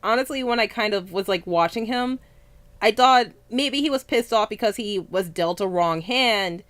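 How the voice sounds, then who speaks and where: A woman's voice: medium pitch, normal speed, fairly bright tone. A woman co-hosting a casual anime review chat, talking freely, swearing often and tripping over names.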